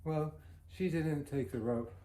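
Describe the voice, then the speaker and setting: A man's voice: fairly high pitch, measured pace, dark tone. A man giving a devotional storytelling talk, earnest and anecdotal, chuckling now and then. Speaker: devotional speaker. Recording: roomy echo.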